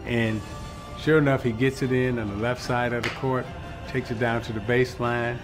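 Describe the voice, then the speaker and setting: A man who once played the game tells a story from his career, halting and repeating words as he goes. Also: mid-range voice, flat delivery, music in the background. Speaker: former player telling a story.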